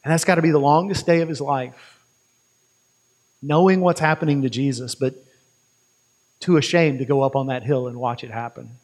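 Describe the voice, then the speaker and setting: A male preacher retelling a story in a sermon, vivid and conversational, with quick restarts. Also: medium pitch, fairly even intonation, a little mellow, big-room sound.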